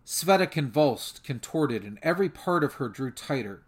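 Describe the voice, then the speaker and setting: A man narrating a fan audiobook in a measured, steady storytelling manner. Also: a little high, husky.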